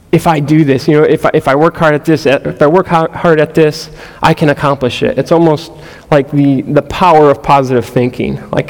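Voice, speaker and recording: Man preaching a sermon, slightly high voice, earnest conversational delivery, long hall reverb. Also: darkish tone. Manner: earnest, conversational, frequent restarts and "you know". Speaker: pastor.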